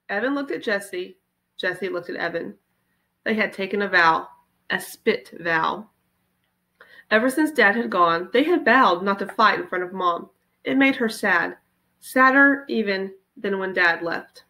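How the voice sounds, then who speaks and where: Reading a children's chapter book to her class a little slowly, this teacher speaks at a medium pitch. Her delivery is expressive storytelling that commits fully to each line of the tale.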